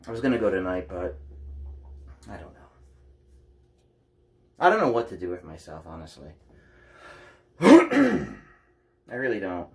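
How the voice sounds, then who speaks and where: A young adult man records a candid confessional vlog at home by a couch, speaking into a taped-in-place phone. He rambles bluntly and swears freely in a low-pitched, creaky voice that's a little slow, with huge pitch swings and long pauses.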